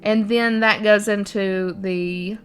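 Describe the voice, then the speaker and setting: Slow-talking young Appalachian woman. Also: medium pitch, steady tone, clean tone. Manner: unhurried, explaining dialect words. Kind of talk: casual chat.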